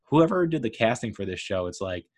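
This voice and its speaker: A man's voice: lowish voice, very animated, fairly quick. A man giving a casual, rambling spoken review of a TV show, enthusiastic and full of fillers like "uh" and "like".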